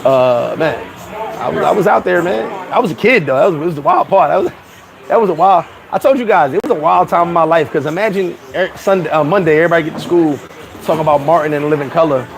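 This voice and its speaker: A man's voice: fairly high pitch, fast talker, gravelly, poor audio. A man, hosting and telling profane, laughing stories in casual chat. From New York. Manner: animated, profane, laughing storyteller. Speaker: host. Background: crowd chatter.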